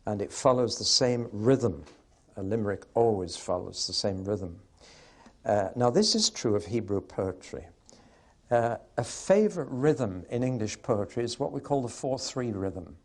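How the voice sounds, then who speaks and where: A man giving a Bible teaching talk, explaining verse and reciting lines rhythmically to show the beat, with questions to his listeners. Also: lowish voice. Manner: explanatory, asks the audience questions.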